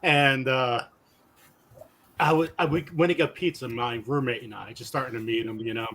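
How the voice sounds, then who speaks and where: Lively, bright-voiced man in his fifties telling stories. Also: mid-range voice, normal speed. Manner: animated, laughs often, acts out the voices in his stories. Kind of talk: casual storytelling.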